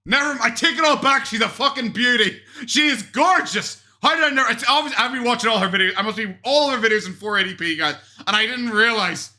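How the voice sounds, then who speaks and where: Speaking into a desk USB microphone, a commentary YouTuber reacts to a vlog with mocking remarks, swearing and laughing often. His voice sits high and sounds bright and forceful.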